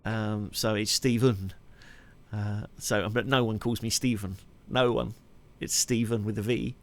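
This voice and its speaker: A man's voice: lowish voice, fairly even intonation, unhurried. A man chatting on his live stream, rambling and laughing often. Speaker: streamer and musician. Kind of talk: casual live-stream chat.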